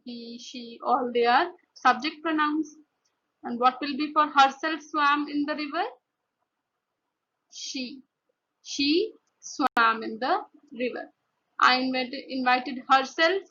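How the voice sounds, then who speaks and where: A woman's voice: high-pitched, pushed and bright, highs cut off. A woman teaching grammar, explaining step by step and often saying "see here" and "okay". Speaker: English teacher. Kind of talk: grammar lesson over slides.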